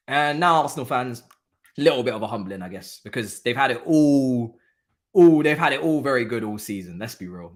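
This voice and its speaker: Laughing and teasing as a rival club goes down, this man runs a live football watchalong stream and swears freely in slangy chat. He speaks in a mid-range voice that comes across a bit bright.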